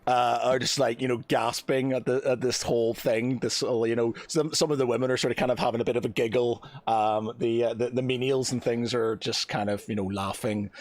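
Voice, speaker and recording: A man's voice: medium pitch, fairly even intonation, brisk, few pauses, dry recording. A man narrating a tabletop game as game master, rambling with lots of fillers. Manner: rambling, many fillers and hedges.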